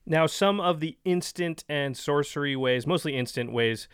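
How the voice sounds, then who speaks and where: A man's voice: a little high, moderate pace, clear, resonant tone, dry recording, clean studio sound. A man co-hosting a casual card-game podcast, walking through card rules in detail. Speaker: co-host.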